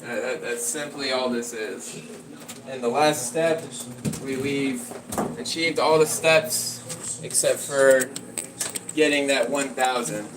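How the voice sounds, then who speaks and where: A man's voice: medium pitch, takes it slowly, long pauses, background noise. A man livestreaming, telling a story in a rambling, conversational way and talking to his dog.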